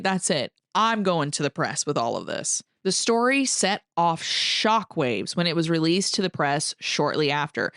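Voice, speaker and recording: A woman podcast host tells a tale of old scandal in easy, conversational storytelling. Her voice sits slightly low and she talks loosely, full of "like" and casual swearing. The sound is dry and close, with no room around it. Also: clean tone, no echo. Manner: chatty, frequent "like", casual swearing. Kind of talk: casual true-crime storytelling.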